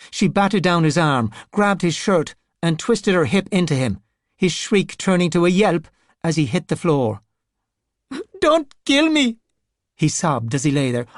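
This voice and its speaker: Low-voiced woman narrating an audiobook. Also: no echo, clean studio sound. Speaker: audiobook reader. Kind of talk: scripted narration.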